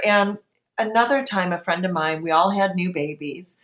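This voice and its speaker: A woman's voice: fairly low pitch, normal speed, fairly bright tone, roomy sound, slight background noise. A woman in her thirties telling her own story in an interview, candid and emotional, often acting out what she thought at the time. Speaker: guest.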